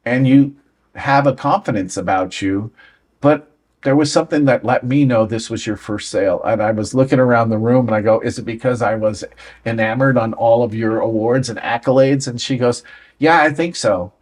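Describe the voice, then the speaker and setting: A man's voice: medium pitch, normal speed, darkish tone. A man in his sixties, a guest on an interview show, tells stories from his career and acts out the dialogue. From United States. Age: 60s. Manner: anecdotal, acts out quoted dialogue. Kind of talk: storytelling interview.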